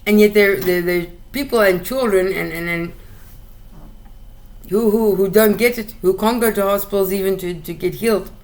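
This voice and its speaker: A woman talks straight to her listeners in a casual, unscripted rant. Her voice sits at an ordinary middle pitch, and she swears freely, doubling back on words when her temper rises. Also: normal speed, darkish tone. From South Africa. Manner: blunt, profane, repeats words when heated. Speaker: podcast host ranting solo.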